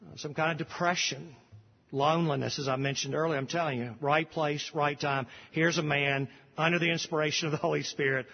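Male pastor, sermon, slightly high husky voice, emphatic repetitions, long hall reverb, muffled lo-fi audio. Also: steady tone. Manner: slow, emphatic preaching with repetitions and rising bursts of emphasis.

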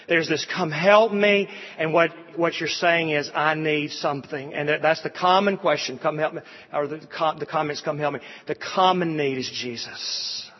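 A man preaching a sermon, quoting scripture and building through repeated appeals. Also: a little high. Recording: dull sound with long hall reverb.

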